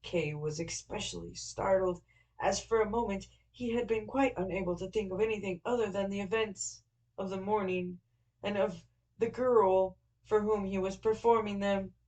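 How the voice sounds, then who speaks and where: A woman narrating a classic novel in a steady, even storytelling manner. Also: mid-range voice, moderate pace, low-quality recording. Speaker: audiobook narrator.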